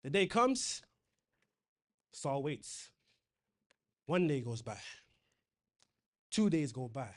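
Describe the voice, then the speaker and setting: A man's voice: medium pitch, very animated, slow pace, long pauses. A man preaching a sermon in a conversational way, reading scripture aloud and retelling it in casual slang.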